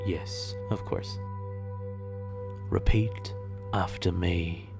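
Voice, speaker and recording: A man plays a serene meditation guide who talks slowly and softly, stretching every word. He keeps a mock-tranquil tone. Faint music sits underneath. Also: low voice, fairly even intonation, exaggerated voice. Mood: soothing. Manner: slow, soothing, mock-serene. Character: calm, droning male meditation guide. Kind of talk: comedy sketch.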